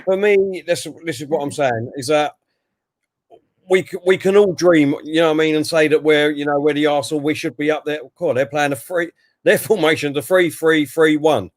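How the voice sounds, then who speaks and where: A talkative man hosts a fan livestream, his voice sitting a touch high for a man and sounding close and dry. He rambles casually between match talk and reading out comments from viewers. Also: fairly even intonation, moderate pace, no room sound. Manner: chatty, reads out viewer comments. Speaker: livestream host. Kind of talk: casual football fan chat.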